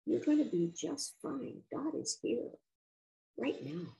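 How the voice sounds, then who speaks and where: Gentle reassuring woman visitor, as an older woman quotes her. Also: a little high, sing-song, takes it slowly, vocal fry, pitched above the performer's own voice, heavily acted, rough recording. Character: kind, insistent woman visitor offering spiritual comfort.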